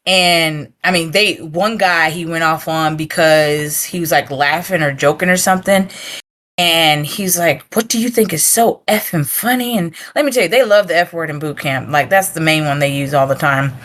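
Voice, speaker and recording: Lively, laughing woman guest, lower voice. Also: normal speed. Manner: animated, laughs often, many "like" fillers. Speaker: podcast guest, navy sailor. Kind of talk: casual interview storytelling.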